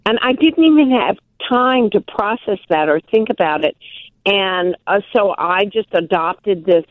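An older woman from Milwaukee, telling animated, self-deprecating stories as an interview guest. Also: mid-range voice, unhurried, no room sound. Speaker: guest, actress and author. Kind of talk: casual interview storytelling. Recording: tinny phone line, dry.

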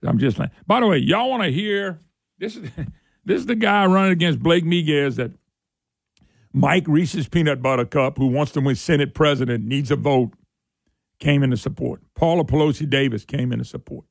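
A man hosting an opinionated political talk show, sarcastic and quick to laugh. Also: vocal fry, no room sound, clean studio sound. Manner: sarcastic, laughs often, voice jumps high when mocking. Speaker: radio talk show host.

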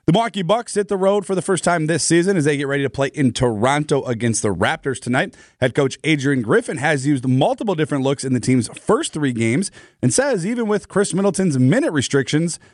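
Radio sports anchor, mid-pitched man, steady newsreading, dry close sound. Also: no room sound. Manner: brisk, steady newsreader delivery. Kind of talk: scripted sports news reading.

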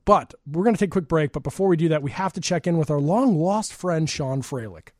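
A man hosting a radio show from a studio, chatty and rambling and quick to laugh. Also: fairly high pitch, lively intonation, dry recording. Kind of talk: casual radio talk.

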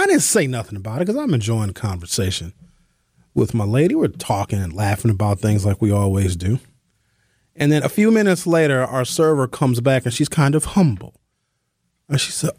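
A man hosting a radio show, telling a comic story in an animated, slangy way with emphatic asides to his listeners. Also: medium pitch, no echo, clean studio sound. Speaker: radio host.

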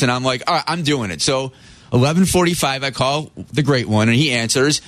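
A man co-hosting a radio show, briskly telling an anecdote and quoting others as he goes. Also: medium pitch, a bit bright, no echo. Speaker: radio co-host.

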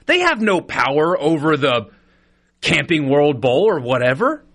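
A man's voice: on the high side, very animated, unhurried, fairly bright tone. A man with a Southern American accent co-hosting sports talk radio, arguing emphatically with rhetorical questions.

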